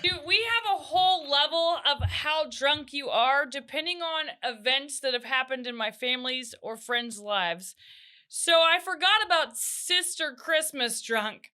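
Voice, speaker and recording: High, bright-voiced woman telling stories. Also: unhurried. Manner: animated storytelling, acts out family voices. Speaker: podcast co-host. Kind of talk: casual chat.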